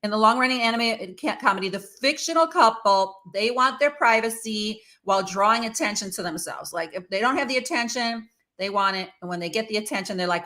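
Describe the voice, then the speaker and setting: A woman talks through the news in a casual, opinionated way, pausing on fillers as she goes. Her voice is bright and forward. It sits at an ordinary middle pitch for a woman. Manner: chatty and opinionated, with many fillers. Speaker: host. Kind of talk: casual commentary on celebrity news.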